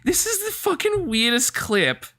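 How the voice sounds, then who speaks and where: A man talking casually on his stream, sarcastic and full of swearing. His bright voice swoops up and down as he talks, and he takes his time with the words. Faint music plays behind him. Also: very high voice, wildly swooping pitch, unhurried. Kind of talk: casual reaction commentary on stream.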